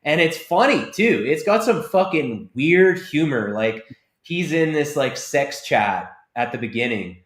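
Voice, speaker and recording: A man guesting on a casual movie podcast, an animated storyteller who acts out film scenes in funny voices. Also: fairly high pitch, measured pace, echoey room. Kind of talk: casual chat.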